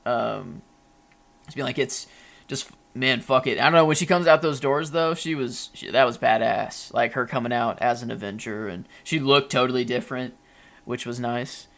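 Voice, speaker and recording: A man's voice: mid-range voice, normal speed, vocal fry, a bit bright. A young man co-hosting a podcast in casual chat, rambling with many fillers and restarts. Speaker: podcast co-host.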